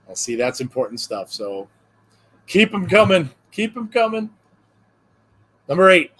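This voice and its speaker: A man's voice: high-pitched, big pitch swings, unhurried, fairly bright tone. A man co-hosting a wrestling podcast in casual chat, reading out viewer jokes with frequent chuckles and a loose, rambling delivery full of fillers. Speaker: podcast co-host.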